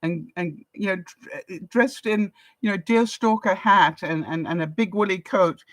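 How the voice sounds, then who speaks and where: An older English woman with a chatty, laughing way of talking as she answers viewers on a live stream. Her voice sits at an ordinary middle pitch for a woman. It is recorded dry and close, with no room echo. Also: lively intonation, unhurried. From England. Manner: chatty, laughs often, reads viewer comments aloud. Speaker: vlogger. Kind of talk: casual live-stream chat.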